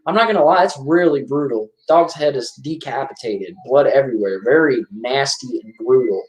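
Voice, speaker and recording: A man giving casual, excitable commentary over a horror movie, rambling and restarting his sentences. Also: medium pitch, normal speed. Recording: echoey room.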